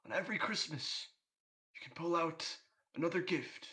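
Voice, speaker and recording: A man voicing a wounded, kindly old Santa Claus in a tabletop game, talking haltingly and sounding bewildered. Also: a little high, bright, forceful tone, voice pushed up. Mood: grateful. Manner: faltering and bewildered, with hesitant pauses.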